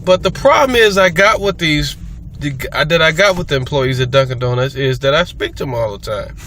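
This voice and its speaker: A man's voice: a little high, lively intonation, fairly quick, a bit bright, slight background noise. A man talking casually to his viewers in a rambling, repetitive way, often restarting his sentences. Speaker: vlogger. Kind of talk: casual monologue to camera.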